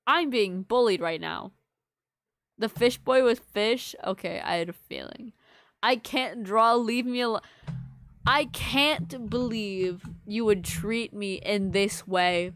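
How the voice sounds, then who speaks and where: Speaking slowly in a slightly bright, medium-pitched voice, a woman livestreams and chats casually with her audience. She teases them playfully, acting mock-offended. No room sound is present.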